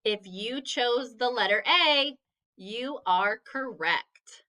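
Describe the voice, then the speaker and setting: Slow, bright-voiced phonics teacher woman. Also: a little high, expressive. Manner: patient, encouraging, sounds out each letter. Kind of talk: slow phonics lesson for children.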